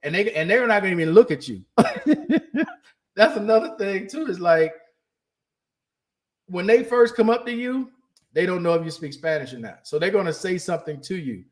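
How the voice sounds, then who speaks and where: A man holds forth on his podcast in a casual, candid monologue, leaning on emphasis and circling back over his own phrases. His voice sits a little higher than most men's. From United States. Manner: candid, emphatic, repeats himself while searching for words. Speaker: podcast host.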